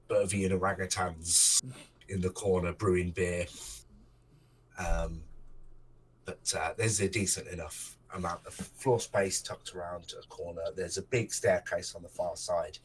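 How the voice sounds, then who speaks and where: A man's voice: sits low, husky, rough recording. A man running a tabletop game as game master, narrating casually with many ums and restarts into a desk microphone.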